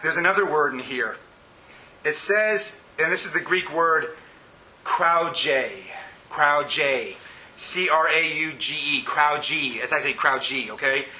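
A male pastor preaching an animated sermon, swinging between hushed asides and shouted peaks. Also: high voice, reverberant, a little hiss or hum, low-quality recording.

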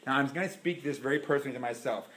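A man preaching a sermon in a church, animated and dramatic, acting out the voices he quotes. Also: medium pitch, racing.

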